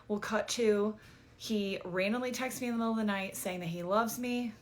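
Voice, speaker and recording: A woman's voice: mid-range voice, normal speed. A woman vlogger telling a dating story in a chatty, exasperated way, full of "like" and casual swearing.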